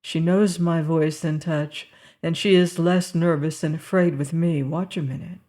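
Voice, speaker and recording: A woman reading the part of a gentle, strong man who soothes a fevered girl in a low, monotonous, half sing-song croon. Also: measured pace. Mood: calm. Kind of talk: audiobook character reading.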